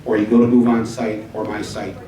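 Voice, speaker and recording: A man hosting a live town hall, rambling and urging the audience, spelling out web addresses slowly. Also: lowish voice, level tone, dark tone. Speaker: event host. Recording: echoey hall from far off.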